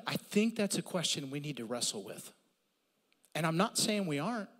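A middle-aged male pastor preaching a sermon with animated storytelling, swinging from loud, high comic bits to low, quiet serious points. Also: slightly rough. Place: church sanctuary. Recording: long hall reverb.

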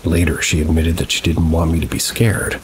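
A man reading true paranormal stories aloud in a measured, somber storytelling manner with dry asides. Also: very deep voice, noisy background. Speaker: story narrator. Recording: steady rain sounds behind the voice. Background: rain ambience.

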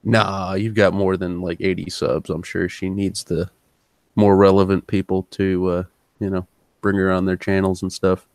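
A man's voice: low voice, level tone, moderate pace, darkish tone, dry recording. A man in a casual online voice chat, rambling in a laid-back way with lots of fillers.

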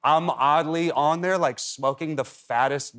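A man's voice: on the high side, measured pace, fairly bright tone. Talk show guest, man, 30s, rambling anecdotes, casual TV studio chat. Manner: rambling storyteller, heavy on "like" and restarts.

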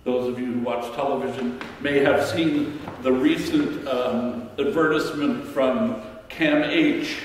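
A man minister giving a sermon in a church, speaking in a slow, reflective way with pauses. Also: mid-range voice, slight background noise. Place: church sanctuary. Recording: echoey church hall from far off.

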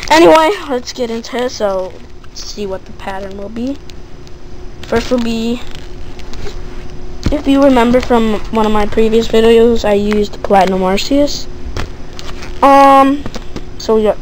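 Woman for an unboxing vlog: unhurried, a touch high, thinks aloud, bursts into excited squeals. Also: a little hiss or hum. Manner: gushing, excitable, breaks into squeals; lists items slowly, thinking aloud. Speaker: card opening vlogger. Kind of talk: casual unboxing narration.

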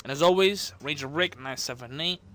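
A gaming channel host doing let's-play commentary, hyper and excitable, jumping between sudden yelps and low mutters and trash-talking opponents. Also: fairly quick, slight background noise.

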